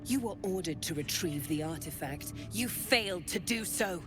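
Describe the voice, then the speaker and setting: A woman plays a cold drow interrogator who questions with clipped authority. Her voice swings widely in pitch. Game music plays clearly underneath. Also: animated, moderate pace, natural voice. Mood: stern. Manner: clipped, commanding. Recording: video game audio with music.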